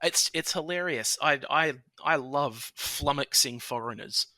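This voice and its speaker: An Australian man in his thirties chatting casually on a podcast, animated and quick to laugh. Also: fairly high pitch, no room sound. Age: 30s. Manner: animated, laughs often, puts on voices for quoted people. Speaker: podcast host. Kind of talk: casual chat.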